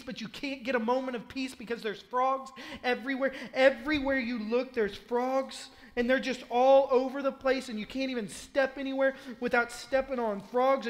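A man pastor preaching a sermon, telling a vivid story in the second person and swinging between loud and hushed. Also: very high-pitched, big-room sound. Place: church sanctuary.

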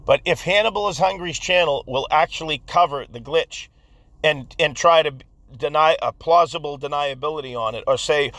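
A man's voice: fairly high pitch, moderate pace, a bit bright, dry recording. A man hosting his channel, delivering a heated commentary rant in an angry, insistent way, repeating himself. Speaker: channel host.

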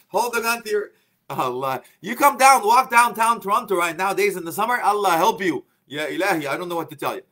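High-voiced middle-aged male preacher, joking. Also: expressive, a little fast, pushed and bright. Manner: chatty and joking, laughs often, sprinkles in Arabic phrases. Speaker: Islamic preacher. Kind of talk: informal religious talk.

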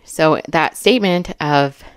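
Her low voice moves at a measured pace with a clean tone as she, a commentary YouTuber in her thirties, reads a list and reacts to each item. Slightly breathless, she chats with lots of fillers and laughter between remarks, recorded studio-clean with no room sound.

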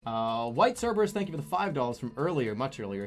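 A man streamer giving casual gameplay commentary with a lively, animated voice. He breaks into loud, frustrated outbursts and cursing, then drops into quick, mumbled asides while reading chat. Faint music plays beneath him. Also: medium pitch. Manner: loud frustrated outbursts, swearing and laughing at the game. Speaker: game streamer.

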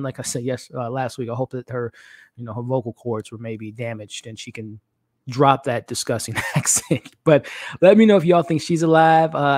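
Male streamer host, mid-pitched, loose chatty delivery aimed at the chat, dry room. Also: darkish tone, dry recording. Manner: chatty, addresses chat directly, frequent fillers. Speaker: YouTube show host. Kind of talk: casual live-stream chat.

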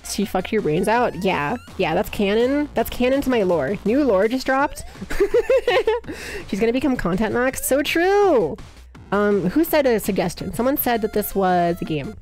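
A woman streamer chatting live while guessing games, excitable and swearing a lot, bursting into high yells. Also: moderate pace, faint music behind.

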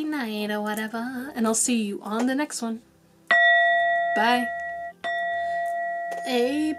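A woman's voice: fairly high pitch, a little hiss or hum. A woman giving a casual pick-a-card tarot reading to her viewers. She talks directly and encouragingly, repeats short commands, swears casually and laughs at herself. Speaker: tarot reader.

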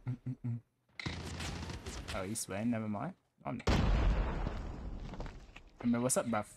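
A man's voice: medium pitch, takes it slowly, gravelly, very noisy. Slangy young male game streamer. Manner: loose slangy banter, swings between mumbling and yelling. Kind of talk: casual gaming livestream chat.

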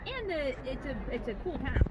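A woman's voice: high-pitched, sing-song, brisk, crowd noise. A woman giving a chatty, easygoing food review outdoors by a road.

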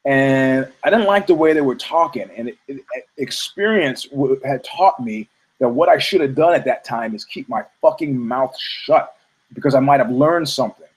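A man's voice: mid-range voice, animated, normal speed, slightly rough, rough recording. Rambling, profane male storyteller. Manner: rambling, profane, many restarts. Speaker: host.

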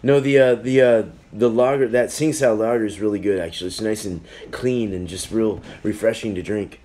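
A man's voice: fairly low pitch, steady tone, moderate pace, warm tone. A man chatting casually on a live stream, reviewing beers in a rambling, easily sidetracked way.

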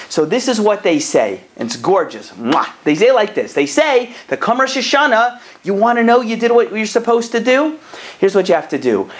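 A young man giving a short video Torah talk as a rabbi, animated and conversational, with plenty of rhetorical questions. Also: high-pitched. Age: young adult.

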